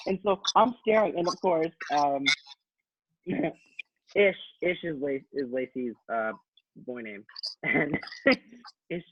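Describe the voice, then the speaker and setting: A man in casual chat, telling an anecdote in an animated way, swearing and acting out quotes. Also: on the high side, slow, pauses often, dry recording, lo-fi sound.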